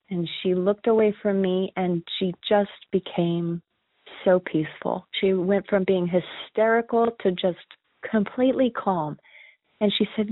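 This woman speaks at a medium pitch in a steady tone and a moderate pace, with no echo on the tinny phone line. Calling in, she earnestly and emotionally relates a ghost encounter she lived through, breaking into nervous laughs.

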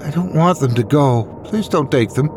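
A man's voice: a little high, expressive, moderate pace, over music, lightly acted. A man voicing a frightened young girl who pleads through tears. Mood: pleading.

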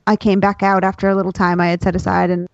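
A woman's voice: lowish voice, flat delivery, fast, vocal fry, no room sound. A woman hosts a podcast in a chatty, self-deprecating way. Her recording sounds slightly dull and lo-fi, but the room is dry and close. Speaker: podcast host. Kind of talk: casual chat.

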